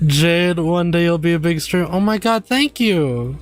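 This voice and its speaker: A man's voice: on the high side, expressive, normal speed, few pauses, soft background music. An American man live-streaming a game, chatting casually, swearing freely and reading chat messages aloud.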